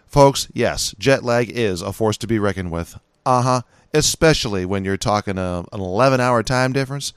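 A middle-aged man with a Californian accent hosting his own podcast, talking in a folksy, chatty way with lively emphasis. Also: lowish voice, moderate pace, smooth, no echo, studio quality. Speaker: podcast host. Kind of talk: casual solo podcast talk.

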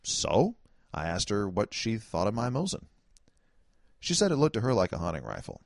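Wry, lively man telling a story. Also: fairly low pitch, moderate pace, vocal fry, dry recording, clean studio sound. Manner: wry, conversational, chuckling asides. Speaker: political commentator. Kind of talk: first-person storytelling monologue.

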